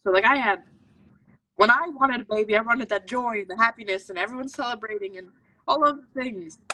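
Speaking a little high and a little fast in a sharp tone, a woman guest on a podcast tells her story earnestly and intensely, often voicing her inner thoughts. She's a medical intuitive, heard from away from the mic with no room sound.

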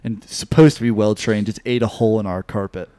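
A man's voice: lowish voice, fairly even intonation, a little fast, mellow, dry recording. A young man co-hosting a podcast, chatting loosely with lots of swearing and filler words. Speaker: podcast co-host. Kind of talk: casual chat.

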